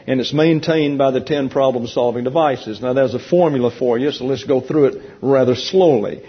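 A man leading a Bible class, teaching in a teasing, conversational way and explaining points slowly to a room of listeners. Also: fairly high pitch, husky. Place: church classroom with an audience. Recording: dull lo-fi recording.

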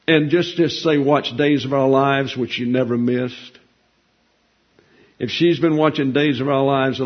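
A man preaching a sermon in a folksy, conversational way, asking rhetorical questions and answering them. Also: medium pitch. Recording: dull lo-fi recording.

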